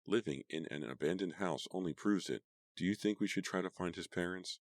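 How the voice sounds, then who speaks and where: A panicky teenage girl on the verge of tears, as a man puts her on for an audiobook, his very deep voice pushed up into a wail. The sobbing delivery sounds dry and close. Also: fairly quick, dry recording. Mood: anxious.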